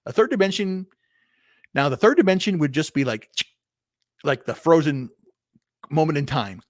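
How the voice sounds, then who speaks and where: A man's voice: a little high, animated, moderate pace, no echo, clean studio sound. A man in his fifties doing a solo livestream, thinking aloud in a meandering way with many restarts, repeated words and casual swearing. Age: 50s. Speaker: vlogger. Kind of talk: rambling solo livestream talk.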